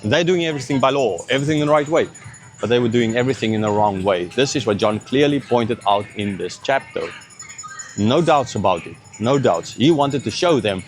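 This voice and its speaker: A man teaching a Bible chapter in a loose, earnest way, at an ordinary middle pitch. He keeps checking in with his listeners and slips into mocking little imitations to make his point. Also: expressive, a little fast, faint music behind. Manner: frequent "right?" and "okay" check-ins. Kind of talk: informal Bible teaching to camera.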